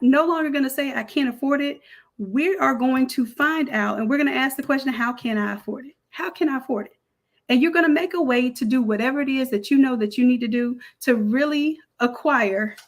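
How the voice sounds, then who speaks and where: Southern lady hosting a livestream, high voice, pumps up her viewers like a preacher. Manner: animated, preachy, hypes up viewers. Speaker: online design academy host. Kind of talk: casual livestream Q&A.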